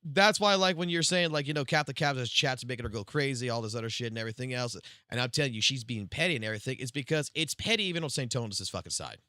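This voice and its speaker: Foul-mouthed, bright-voiced male streamer. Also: mid-range voice, quick pace, hardly any pauses, no echo, studio quality. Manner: heavy swearing, animated storytelling. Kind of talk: casual storytelling on a live stream.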